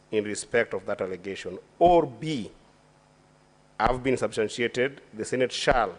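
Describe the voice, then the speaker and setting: A Kenyan-accented senator with a lowish voice questions a witness at a formal hearing in a senate chamber. He speaks deliberately, with many fillers and restarts.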